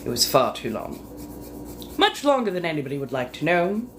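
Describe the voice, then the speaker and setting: Speaking at normal speed in a low-pitched voice, a woman chats casually with viewers on a live stream from her home. She teases and flirts, with plenty of innuendo and muttered asides, and steady room noise runs behind her voice.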